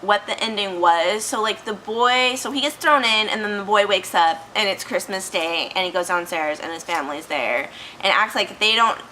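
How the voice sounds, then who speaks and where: A woman with a bright, mid-pitched voice talks through a film in relaxed, rambling chat. She swears casually and tosses in "like" as she speculates. A faint hiss of noise runs underneath. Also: moderate pace, few pauses, poor audio. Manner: rambling, profane, speculative, heavy use of "like". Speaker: movie reviewer.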